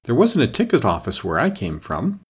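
A man reading the part of a frightened, impatient little girl in a storybook, lifting his voice higher. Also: wildly swooping pitch, moderate pace, breathy edge, exaggerated voice. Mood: anxious.

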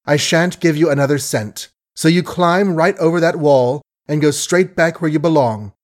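A man's voice: fairly high pitch, moderate pace, voice pushed up, natural voice. A man reading an audiobook and raising his voice to play a refined young woman who pleads in breathless, upper-class speech. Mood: firm. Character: young well-bred woman, pleading and frightened. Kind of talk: audiobook character voice.

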